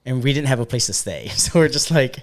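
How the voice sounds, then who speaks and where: A young man hosting a podcast in a bar, telling stories in a loose, profane and animated way. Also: mid-range voice, a little fast. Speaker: podcast host, bartender. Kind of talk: casual storytelling chat.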